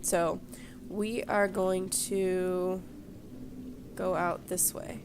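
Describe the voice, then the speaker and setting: A woman's voice: lowish voice, level tone, extremely slow, background noise. A woman hosting a game let's play, chatting to her viewers and exclaiming as she plays. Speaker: gaming channel host.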